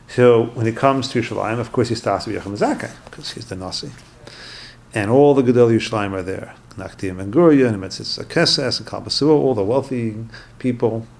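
A man with a gravelly, creaky voice teaches by retelling an old story at a medium pitch. He pauses now and then for musing asides to his listeners. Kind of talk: storytelling lesson.

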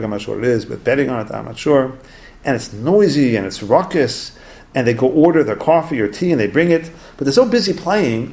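A man teaching a Torah class with animated, conversational storytelling. His voice is gravelly and sits at a middle pitch. He restarts phrases as he goes.

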